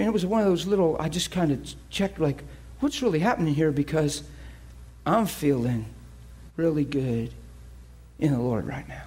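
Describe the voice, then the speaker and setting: Husky high-voiced preacher man. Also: moderate pace, long pauses. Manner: animated storytelling, swinging from hushed to shouting. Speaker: pastor. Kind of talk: sermon.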